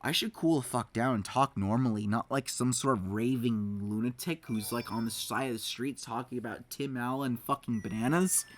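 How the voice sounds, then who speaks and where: A man's voice: mid-range voice, normal speed, hardly any pauses, a little hiss or hum. A man in his twenties doing rambling, profane let's play commentary over a game. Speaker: gameplay commentator. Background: game music.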